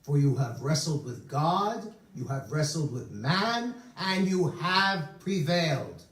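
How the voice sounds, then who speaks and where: A rabbi voicing a solemn male angel of the night, speaking slowly, in a roomy sanctuary heard from far off. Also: on the high side, sing-song, a bit bright, full character voice.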